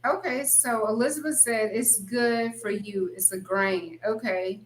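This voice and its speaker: A woman's voice: a little high, unhurried, roomy sound, rough recording. A woman hosting a casual live stream, chatting and reading viewer comments aloud. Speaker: host.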